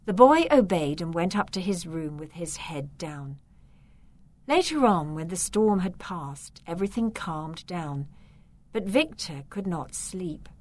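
Female storybook narrator: slow, expressive, measured. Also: fairly low pitch.

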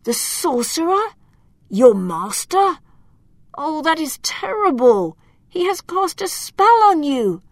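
A gentle, wounded male elf from a storybook, as a woman reader puts him on, pleading and urgent. His voice rises and falls in lively swings, and the dry, close sound keeps every word near. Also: sits high, slow pace, no echo, voice pushed up, full character voice. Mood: alarmed.

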